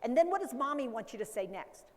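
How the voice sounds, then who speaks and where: Female speaker, high-ish voice, animated conference lecturer, long hall reverb. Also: fast. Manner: animated, acts out baby talk and caregiver voices. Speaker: dementia care educator. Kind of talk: conference talk.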